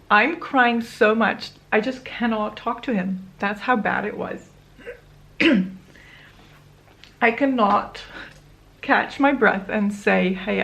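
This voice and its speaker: A woman's voice: medium pitch, vocal fry, a bit bright. A young woman chatting casually while doing her makeup, telling a personal story in a rambling, candid way with small laughs. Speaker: beauty vlogger. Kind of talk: casual get-ready-with-me chat.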